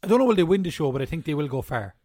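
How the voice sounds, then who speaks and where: A man's voice: on the high side, very animated, rapid-fire, mellow, husky, no echo, clean studio sound. A man co-hosting a podcast, chatting casually and jokily about a reality show, opinionated and casually swearing. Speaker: podcast co-host.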